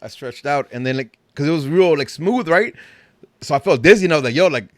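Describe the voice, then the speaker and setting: A man's voice: on the high side, animated, brisk, no echo. A man hosting a casual podcast, laid-back and joking, swearing freely. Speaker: podcast host.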